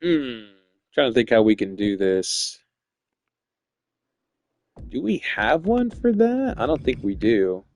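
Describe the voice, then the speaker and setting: A man streaming live, calling a wrestling video game play by play. He yells, swears and laughs at the action. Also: mid-range voice, very animated, slow, pauses often, dry recording. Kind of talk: excited live play-by-play commentary.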